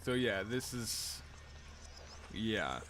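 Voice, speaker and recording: A man's voice: fairly low pitch, big pitch swings, extremely slow, fairly bright tone, a little hiss or hum. A man casually commenting on a game during a live stream, joking, laughing and swearing freely.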